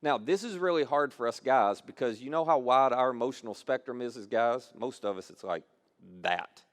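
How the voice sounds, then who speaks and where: Male pastor, mid-pitched voice, conversational sermon delivery, repeats key phrases for emphasis. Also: lively intonation, normal speed. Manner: conversational preaching with repeated phrases and acted-out quotes.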